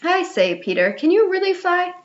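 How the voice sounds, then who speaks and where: A woman voicing an eager, practical young boy with well-spoken, excited speech, in a slightly muffled recording. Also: very high voice, normal speed, voice pushed up.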